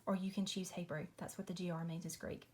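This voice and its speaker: A woman's voice: on the low side, little pitch movement, fast talker, a little mellow. A woman, chatting casually through a Bible study at home at night, apologetic and friendly, saying y'all. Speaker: Christian video host.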